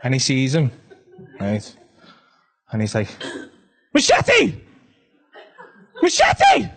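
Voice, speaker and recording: A man with a Northern English accent doing stand-up storytelling, animated and sweary, full of conversational asides. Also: mid-range voice, unhurried. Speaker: stand-up comedian.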